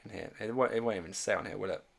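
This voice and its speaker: A man's voice: on the low side, racing, vocal fry, fairly bright tone. A man casually chatting on a livestream, reading viewer comments and thinking aloud with lots of fillers and restarts. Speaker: streamer and fantasy sports host.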